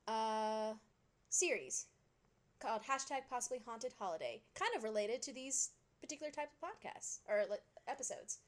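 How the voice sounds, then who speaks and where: A young adult woman co-hosting a podcast, talking casually with lots of fillers and laughter. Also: a little high. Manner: chatty, laughs often, many fillers. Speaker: podcast co-host. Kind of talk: casual chat.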